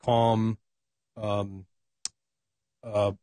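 A man's voice: on the low side, little pitch movement, extremely slow, mellow, no echo. A man speaking as a talk show guest, reflective and hesitant, with many ums and uhs. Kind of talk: casual political talk.

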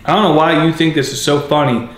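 A man yelling in exasperation at his girlfriend during a vlog, breaking into angry laughs, filmed on a handheld camera. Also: fairly high pitch, steady tone, quick pace. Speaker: vlog host. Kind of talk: heated prank vlog argument. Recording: echoey room.

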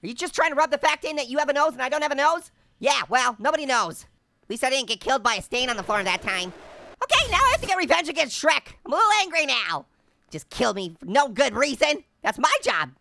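A man's voice: extremely high pitch, very animated, quick pace, creaky, sharp tone, slight background noise, heavily acted. A man voicing a wisecracking male talking orange who hosts cartoon game commentary, punning and giggling with constant exclamations. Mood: gleeful. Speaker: gaming channel host. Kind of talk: cartoon let's-play commentary in character.

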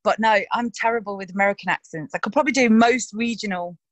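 A woman's voice: mid-range voice, fast talker, dry recording. A woman with a middle-range voice chats openly about her work, breaking into laughs often. The sound is dry and close, with no room around it. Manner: chatty and frank, laughs often. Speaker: actress interviewed about her roles. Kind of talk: casual interview chat.

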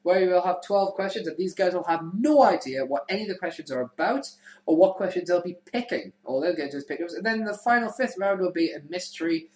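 A man's voice: high-pitched, animated, fast, a little mellow, roomy sound, low-quality recording. A man hosting a casual comedy podcast, rambling and correcting himself as he explains the show. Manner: rambling, giggly, self-correcting. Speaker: podcast host.

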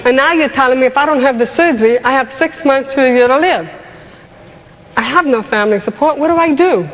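High-voiced woman comic in a big hall. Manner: animated, emphatic, punchy delivery. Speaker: comedian. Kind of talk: stand-up storytelling testimony. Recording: long hall reverb, faint noise.

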